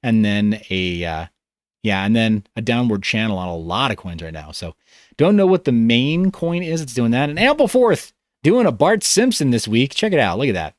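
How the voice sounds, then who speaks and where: A man hosts a casual livestream from a home studio, his voice tired. He rambles and breaks off mid-thought, swinging his pitch up and down a lot. The sound is dry and close, with no room around it. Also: very animated, moderate pace, no room sound. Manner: rambling, loose, self-interrupting. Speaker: livestream host. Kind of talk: casual livestream chat reading comments.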